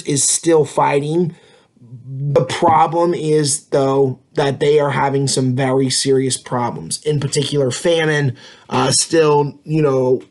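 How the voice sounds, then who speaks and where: Man, history teacher, mid-pitched voice, conversational lecture, fillers and tag questions. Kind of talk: casual classroom lecture.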